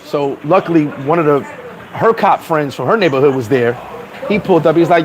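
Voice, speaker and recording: A man vlogging outdoors in town, telling stories in an emphatic, animated casual rant. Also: a little high, brisk, poor audio.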